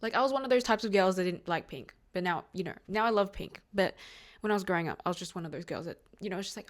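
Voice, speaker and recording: A woman's voice: medium pitch, fast talker. A nineteen-year-old woman hosting a solo podcast, talking in a rambling, heartfelt way with lots of fillers and restarts. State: near tears at moments, emotional. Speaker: podcast host. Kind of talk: casual solo podcast monologue.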